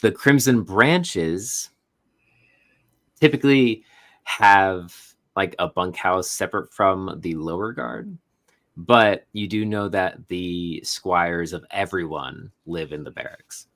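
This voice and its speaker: A man narrating as game master of a tabletop role-playing game, setting the scene in a relaxed, descriptive way with small fillers. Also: deep voice, slow, long pauses.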